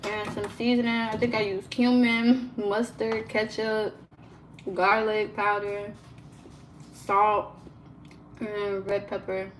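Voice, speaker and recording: A woman's voice: medium pitch, takes it slowly, pauses often, a little hiss or hum, rough recording. Chatty young woman live-streaming at home. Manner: chatty and animated, lots of "like" fillers, laughs often. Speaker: livestream host. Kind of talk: casual live-stream chat. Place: home kitchen.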